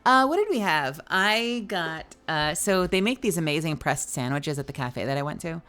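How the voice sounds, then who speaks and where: A woman's voice: low voice, animated, normal speed, a bit bright. A young woman livestreaming, chatting casually with her viewers and reading their messages aloud, sleepy and yawning, swearing now and then. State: tired, yawning. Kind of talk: casual live-stream chat with viewers. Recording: faint music behind.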